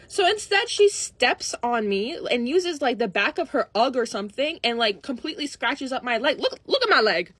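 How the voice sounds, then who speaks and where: A young adult woman telling a casual story-time anecdote, acting out the dialogue with dramatic swings between loud and hushed. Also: high voice, expressive, a little fast, no echo.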